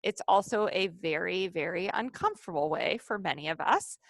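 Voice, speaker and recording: A woman's voice: on the low side, animated, moderate pace, gravelly, no room sound. A woman leading a live online training session over a video call, upbeat and coaxing the participants.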